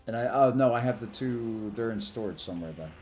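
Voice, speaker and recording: A man's voice: medium pitch, a little mellow, faint music behind. A man livestreaming a mobile game, chatting casually and rambling about his day between plays. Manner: rambling, chatty, quick to thank followers. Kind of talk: casual live stream chat while gaming.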